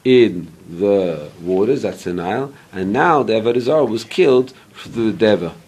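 A man's voice: on the low side, expressive, a little mellow, slightly rough. Man teaching a Bible class. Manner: explains verse by verse and checks in with "right?"; pauses to search for English words. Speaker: Torah teacher.

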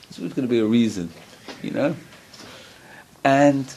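A man's voice: mid-range voice, moderate pace, dark tone, a little hiss or hum. A man teaching a Torah lesson as a rabbi, earnest, often asking his listeners questions. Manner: earnest, asks the listeners questions, acts out voices.

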